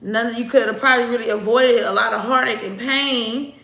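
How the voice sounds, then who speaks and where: A woman's voice: a little high, fairly even intonation, brisk, vocal fry, pushed and bright, echoey room. A woman doing a casual tarot reading, talking bluntly and chattily straight to her viewers, sometimes swearing. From United States. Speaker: tarot reader.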